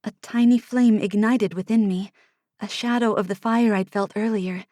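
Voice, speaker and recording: A woman narrating a first-person fantasy audiobook in a hushed manner, sometimes dropping to an unvoiced whisper, close to a studio mic. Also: medium pitch, steady tone, moderate pace, no room sound. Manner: hushed, drops to unvoiced whispers in tense passages.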